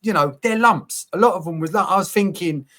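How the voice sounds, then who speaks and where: A man telling his story in a candid conversation, open and animated, full of slang and the odd swear. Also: sits high, a little fast. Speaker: podcast guest, coach.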